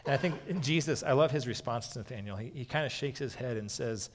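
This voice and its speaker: Man, pastor, conversational sermon, middle pitch, long hall reverb. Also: fast, slight background noise. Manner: conversational, frequently saying "okay".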